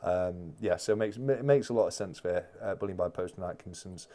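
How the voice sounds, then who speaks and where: A man's voice: low voice, fairly quick, warm tone. A man hosting a casual live-stream chat, reading out viewer comments and rambling with many restarts.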